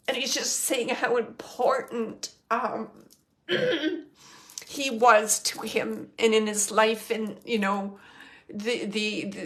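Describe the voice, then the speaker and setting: A woman's voice: fairly high pitch, fairly bright tone. Emotional woman medium giving a reading. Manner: emotional, tearful at times, relaying quotes with emphasis. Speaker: psychic medium. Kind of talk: live mediumship reading to an audience.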